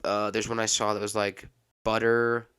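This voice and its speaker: A man's voice: fairly low pitch, level tone, moderate pace, fairly bright tone, smooth. Rambling, exasperated male podcast host. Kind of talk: solo podcast monologue.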